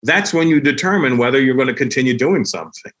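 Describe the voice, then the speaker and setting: A middle-aged man from Canada chats as a podcast guest. He tells animated stories and slips in and out of exaggerated voices for the people in them. His delivery is casual and profane, with a medium-pitched voice. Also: quick pace. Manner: animated storyteller who acts out voices with lots of profanity. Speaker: guest comedian.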